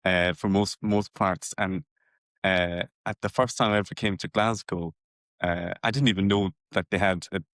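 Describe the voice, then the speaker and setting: Middle-aged cork guy, soft accent, lots of uhs, lowish voice, dry close sound. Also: fairly even intonation, moderate pace, no room sound. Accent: mild Cork Irish. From Cork, Ireland. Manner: hesitant, many restarts and uhs. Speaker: podcast guest. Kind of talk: casual chat.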